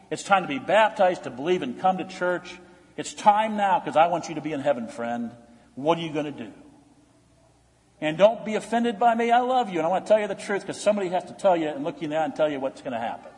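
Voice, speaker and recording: A man preaching a sermon as pastor in a church, blunt and emphatic, swinging from loud calls to hushed pleading. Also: a little high. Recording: church hall reverb.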